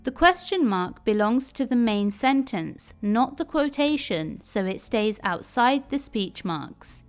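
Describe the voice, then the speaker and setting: A woman giving a scripted English lesson, explaining each point clearly and carefully. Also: on the high side, sing-song, takes it slowly, hardly any pauses, faint music behind. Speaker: English teacher.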